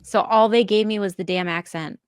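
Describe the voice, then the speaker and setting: A woman's voice: mid-range voice, fairly even intonation, fairly quick, clean tone, no room sound, clean studio sound. A young woman co-hosting a podcast in casual, jokey chat, laughing often. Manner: giggly, jokey. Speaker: podcast co-host.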